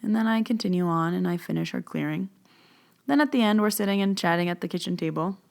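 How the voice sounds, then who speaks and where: A woman with a lowish voice and a gravelly edge tells stories in a relaxed, chatty way. She acts out both sides of past conversations, sprinkling her speech with "like" and "um". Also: quick pace. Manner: retells events with quoted back-and-forth dialogue; conversational, with frequent "like" and "um" fillers. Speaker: podcast host and spiritual medium. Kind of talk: casual storytelling monologue.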